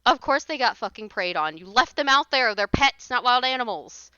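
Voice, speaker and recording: Woman streamer, casual exasperated rant, blunt and sweary, bright sharp tone, dry close sound. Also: on the high side, animated, moderate pace, smooth, no echo, highs cut off. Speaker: livestreamer. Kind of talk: casual chat while gaming.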